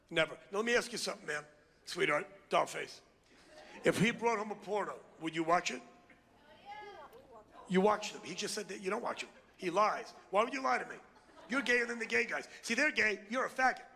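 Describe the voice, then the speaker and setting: Middle-aged guy doing stand-up, ranting fast, gravelly rasp, hollers and insults the crowd. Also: high-pitched, bright, forceful tone, in a large hall. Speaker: stand-up comedian. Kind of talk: stand-up routine. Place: comedy club before a live crowd.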